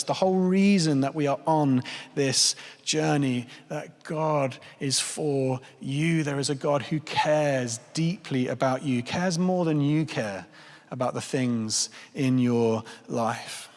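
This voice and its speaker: A pastor in his thirties preaches a sermon in church, earnest and pleading, repeating phrases for emphasis. He speaks slowly in a higher-leaning voice, with long church reverb on the recording.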